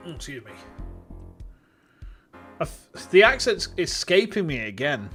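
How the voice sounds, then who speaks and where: A streamer giving casual, profane and excitable commentary while playing a game. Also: medium pitch, a little slow, over music. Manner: excitable, profane, bursts of loud laughter. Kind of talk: casual let's-play commentary.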